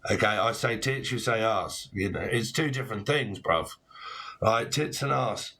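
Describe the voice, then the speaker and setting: A man's voice: lowish voice, normal speed, pushed and bright, husky. A man in his forties giving a casual tarot reading, rambling with puns and frequent swearing. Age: 40s. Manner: rambling, punning, swearing freely. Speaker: tarot reader.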